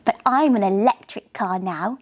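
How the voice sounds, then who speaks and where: A woman voicing Luxie, a proud, bubbly young girl electric car, with a high, excited delivery. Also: normal speed, lightly acted.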